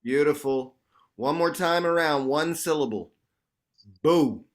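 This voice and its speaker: A man's voice: mid-range voice, measured pace. A man leading a group workshop over a video call, talking casually and animatedly, calling the group "y'all". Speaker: workshop facilitator. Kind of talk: online group workshop teaching.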